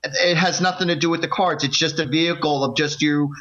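A man's voice: a little high, a little fast. A man co-hosting a call-in psychic radio show, encouraging the caller and telling stories. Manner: encouraging, storytelling, animated quoting. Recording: dull lo-fi radio sound.

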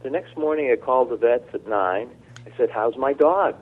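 A man telling a personal story as a radio guest, speaking slowly and haltingly with fillers. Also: medium pitch. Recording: tinny phone line.

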